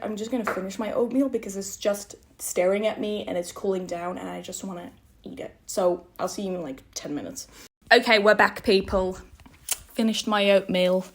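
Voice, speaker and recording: A woman in her twenties with an American accent, hosting a knitting podcast at home in a casual, rambling chat full of "like" fillers. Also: mid-range voice.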